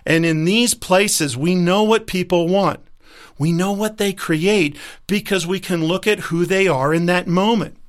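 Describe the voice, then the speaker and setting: A man's voice: high voice, unhurried. A man who works as a life coach, giving an emphatic motivational talk and acting out the voices he quotes.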